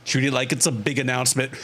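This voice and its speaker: A young man with a mid-range voice talks straight to his chat from his desk mic. He is animated and jokey, laughing often and tossing in casual swears. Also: medium pitch, brisk, husky. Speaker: streamer. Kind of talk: casual livestream chat to viewers.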